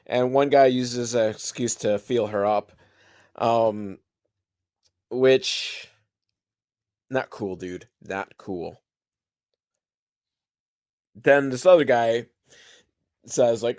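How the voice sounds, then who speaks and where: Profane, sarcastic man with a lively voice. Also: mid-range voice, slow, long pauses. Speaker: comedic film reviewer. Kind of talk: rambling comedic commentary.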